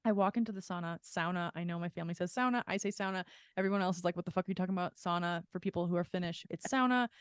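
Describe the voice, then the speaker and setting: Rapid-fire and smooth, with hardly any pauses, her low-leaning voice comes through in studio quality without room sound. She's co-hosting a podcast, chatting casually and at length, candid and rambling, full of "like" and frequent profanity.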